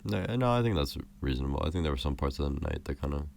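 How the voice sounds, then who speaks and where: A young man co-hosting a podcast in casual chat, laid-back and slangy, his voice a bit hoarse. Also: a bass voice, animated, racing, darkish tone, slight background noise. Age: young adult. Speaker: podcast co-host.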